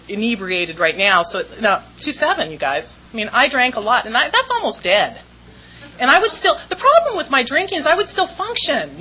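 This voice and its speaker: A woman's voice: on the high side, pushed and bright. A woman speaking at a recovery meeting, telling her story to the audience in a candid, self-mocking way and often laughing as she talks. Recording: slightly dull recording with faint background hum.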